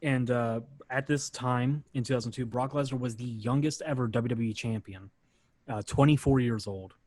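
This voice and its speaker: Here a male podcast host talks through a match play by play at normal speed, easygoing and heavy on "uh." His voice sits in the mid range, and the sound has no echo.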